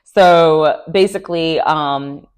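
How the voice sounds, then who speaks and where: Woman doing a reality tv recap, animated and opinionated, kinda low voice. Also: slow pace, clean tone. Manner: animated, sassy, opinionated, slangy asides. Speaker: recap vlogger. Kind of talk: casual reality-TV recap commentary.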